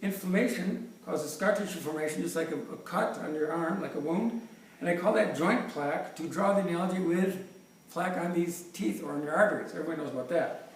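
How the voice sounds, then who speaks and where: His voice on the high side and his pace fairly quick, a chiropractor in his fifties jokes his way through a prop-filled, enthusiastic presentation, restarting sentences often. Faint noise, a distant mic, and an echoey room mark the recording.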